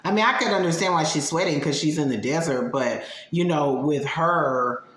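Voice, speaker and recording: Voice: medium pitch, normal speed, a bit bright, roomy sound. A reaction video host giving blunt, sassy commentary in a casual way.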